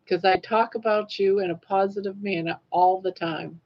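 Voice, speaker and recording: A woman's voice: medium pitch, fairly even intonation, normal speed, few pauses, darkish tone, rough recording. A woman in her sixties hosting a casual livestream, chatting emotionally with viewers and reading their comments. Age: 60s. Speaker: livestream host.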